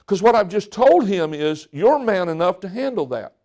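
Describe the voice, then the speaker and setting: A man's voice: high voice, big pitch swings, moderate pace, long pauses, a little mellow. A middle-aged male pastor preaching a folksy sermon, joking and acting out what people say.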